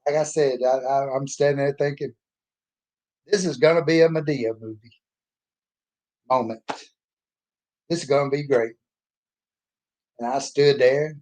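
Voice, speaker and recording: A man's voice: medium pitch, steady tone, unhurried, long pauses, darkish tone. A man telling a folksy, blunt story in a casual monologue. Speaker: author and speaker.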